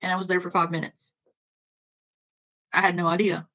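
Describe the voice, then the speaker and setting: A woman hosting a live stream, speaking calmly and reassuringly to a caller. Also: lowish voice, normal speed. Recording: dull, lo-fi stream audio.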